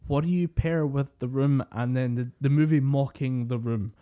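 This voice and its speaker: A man co-hosting a podcast, chatting in a relaxed, playful way with frequent chuckles. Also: medium pitch, normal speed, narrow, tinny audio. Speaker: podcast co-host. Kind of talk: casual chat.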